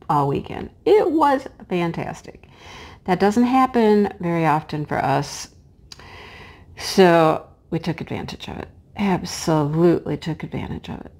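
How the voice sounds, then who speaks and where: A middle-aged woman chatting casually while she crafts, her voice hoarse and cracking, sometimes dropping to a hush as she works. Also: fairly low pitch. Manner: chatty and homey, drops to a hush while placing pieces. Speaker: crafting vlogger and teacher. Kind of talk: casual chat while diamond painting.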